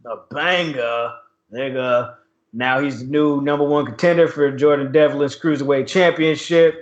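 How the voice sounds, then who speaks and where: A man with a medium-pitched voice and moderate pace co-hosts a podcast, recapping wrestling casually with lots of slang, laughter, and animation. The sound is echoey, dull, and lo-fi.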